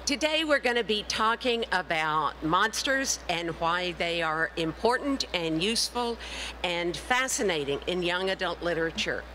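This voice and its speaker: A middle-aged woman giving a conference talk as an author, telling her story in a lively way and acting out the voices of people she quotes. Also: fairly low pitch, moderate pace, slight background noise, low-quality recording. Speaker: author and speaker. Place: conference session room.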